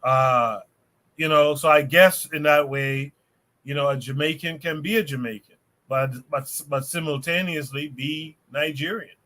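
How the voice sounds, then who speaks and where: A podcast host on a livestream thinks aloud in a rambling way before handing over to a guest. His voice is a little high, steady, bright, and forceful, and somewhat slow, in a casual discussion.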